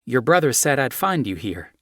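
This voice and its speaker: A man's voice: mid-range voice, big pitch swings, normal speed, a bit bright, no room sound, studio quality, voice pushed up. A man voicing a cheerful, chatty young American woman journalist with an American accent. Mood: bubbly.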